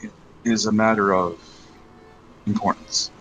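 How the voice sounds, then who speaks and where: A man's voice: fairly low pitch, steady tone, a bit bright, faint music behind, poor audio. A formal, secretive seer, as a man voices him. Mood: earnest, measured. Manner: formal, measured, archaic phrasing. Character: secretive male seer who sees visions.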